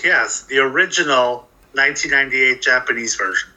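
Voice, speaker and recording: Man, podcast participant, precise and informative, bright sharp tone. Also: mid-range voice, fairly quick, poor audio. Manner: precise, informative, reads off film details. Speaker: podcast guest presenting a film. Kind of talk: casual podcast chat.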